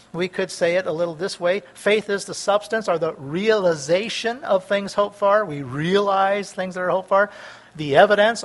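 High-voiced man preaching a sermon. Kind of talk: sermon, Bible reading.

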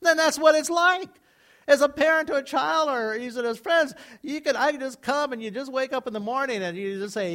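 A male pastor delivering a sermon in a high-pitched voice. He talks to the congregation conversationally, swinging from loud, emphatic bursts to soft, low asides. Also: fairly quick. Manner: conversational, dramatic swings between loud and quiet.

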